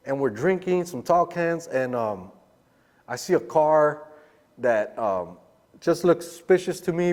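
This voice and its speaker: A man's voice: mid-range voice, darkish tone, big-room sound. A man guest telling a long story in casual street slang, acting out the voices of the people he quotes. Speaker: podcast guest.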